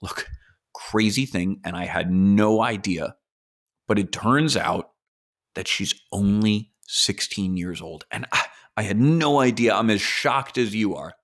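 A man voicing a calm, scheming financier who lowers his voice to confide and reassure, in a comic podcast re-enactment. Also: unhurried. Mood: confiding. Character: smooth scheming male financier, calm and persuasive.

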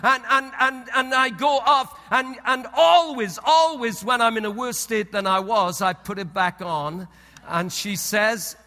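A male pastor preaching a sermon in a storytelling way, often repeating words and dropping soft and low for solemn points. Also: unhurried, long reverb tail. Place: church hall.

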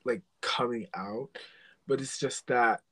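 A man's voice: medium pitch, takes it slowly, sharp tone, rough recording. A man co-hosting a podcast in casual chat, hesitant and full of restarts. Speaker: podcast co-host.

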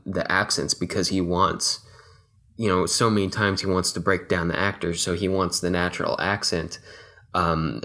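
Man from texas, very low voice, casual film chat, lots of ums and restarts. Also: a bit bright. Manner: rambling, many fillers and restarts. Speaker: podcast co-host.

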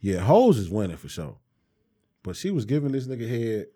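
A man's voice: medium pitch, sing-song, normal speed, dark tone, breathy edge. A man co-hosting a podcast, trading crude, boastful banter full of slang in casual chat. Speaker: podcast co-host.

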